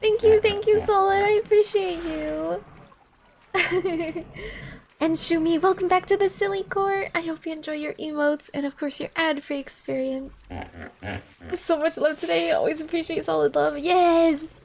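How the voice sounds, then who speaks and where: High-voiced giggly woman streamer. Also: steady tone, a little slow, vocal fry, slight background noise. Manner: gushing, giggly, easily delighted; thanks viewers by name. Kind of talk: casual live-stream chat while playing.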